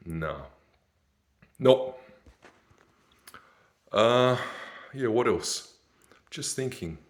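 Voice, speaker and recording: A man's voice: mid-range voice, lively intonation, very slow, pauses often. A man, ranting in a rambling, sardonic monologue and laughing at his own jokes. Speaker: vlogger.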